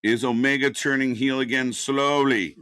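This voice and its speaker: A man's voice: medium pitch, steady tone, moderate pace, pushed and bright, clean tone, no room sound. A man doing unscripted live watch-party commentary, ranting and swearing in exasperation.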